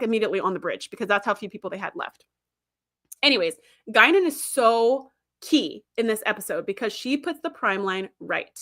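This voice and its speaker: Woman livestream host, casual fan commentary, animated and chatty, fairly high bright voice. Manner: animated, chatty, laughs often.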